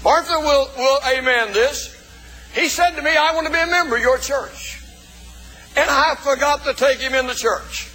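A male pastor preaching a sermon in a folksy way, calling out to the congregation and shouting for emphasis. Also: extremely high pitch, moderate pace, soft background music. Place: church. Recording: long reverb of a church hall.

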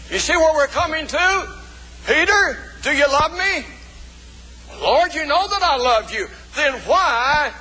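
Preacher guy, real high bright voice, tells stories n calls out to the church. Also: poor audio. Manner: storytelling preacher, calls out to the congregation. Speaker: pastor. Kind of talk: sermon.

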